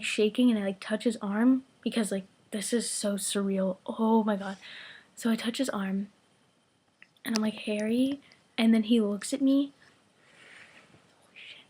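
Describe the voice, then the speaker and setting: A teenage girl tells a story to her camera, her voice breathy and a little husky. She gushes and swears, slipping into hushed whispers between her excited rushes of words. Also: mid-range voice. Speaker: vlogger.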